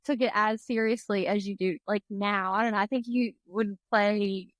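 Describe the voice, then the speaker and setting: A woman's voice: medium pitch, steady tone, moderate pace, dry recording. A woman in her twenties, a podcast guest chatting casually and often saying "like". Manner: chatty, fills speech with "like". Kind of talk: casual chat.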